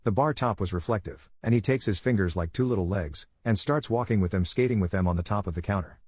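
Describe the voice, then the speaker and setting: A male narrator reads a first-person online story at a quick, steady clip. His voice sits somewhat low and sounds husky. The sound is dry and close. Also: dry recording.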